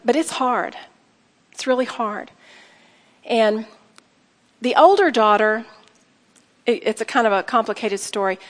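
Earnest middle-aged woman in a reverberant hall. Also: a little high. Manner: earnest and heartfelt, addresses listeners directly. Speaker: speaker sharing a personal testimony. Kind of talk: emotional personal testimony to an audience.

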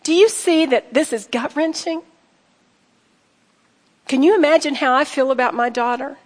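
A woman's voice: sits high, moderate pace. A middle-aged woman giving an earnest, heartfelt personal testimony, speaking directly to her listeners. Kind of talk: emotional personal testimony to an audience. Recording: long hall reverb.

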